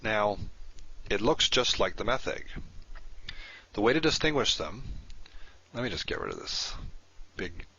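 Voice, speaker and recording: A man's voice: fairly low pitch, big pitch swings, measured pace, creaky, long pauses, pushed and bright, husky. A man teaching from a recorded lesson, methodical and patient, repeating terms as he points them out. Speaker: Hebrew teacher in recorded module. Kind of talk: explanatory teaching with screen annotation. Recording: dull lo-fi audio.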